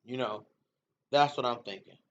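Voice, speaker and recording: A man's voice: mid-range voice, normal speed, slight background noise. Casual livestream host, male, slangy and repetitive, laughs easily; dull lo-fi sound. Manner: slangy, laughs often, repeats himself. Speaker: MMA show host reading live comments. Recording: dull lo-fi stream audio.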